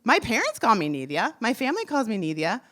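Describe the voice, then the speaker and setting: Woman, 40s, live storyteller; expressive and bright, slightly high pitch. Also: fast talker. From United States. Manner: animated, acts out quoted voices.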